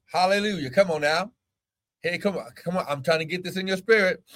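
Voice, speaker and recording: A man preaches to his own camera, his voice sitting a little high for a man. He hammers the same phrases again and again and keeps calling out to his listeners as he goes. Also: fairly quick, fairly bright tone. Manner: fervent, repeats phrases, calls out to listeners. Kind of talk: sermon.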